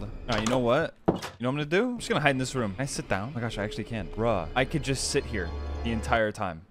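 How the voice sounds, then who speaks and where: Young male gamer, nervy and jumpy, animated swings in pitch, faint music underneath. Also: fast. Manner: jumpy, easily spooked, yelps and shouts. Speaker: gamer being pranked. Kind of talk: gameplay commentary.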